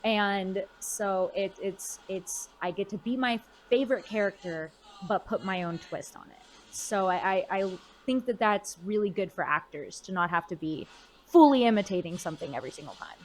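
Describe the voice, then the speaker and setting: A woman's voice: mid-range voice, moderate pace, rough recording. A woman in her twenties, a voice actor chatting expressively in a convention interview, with fillers and restarts. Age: 20s. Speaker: voice actor guest.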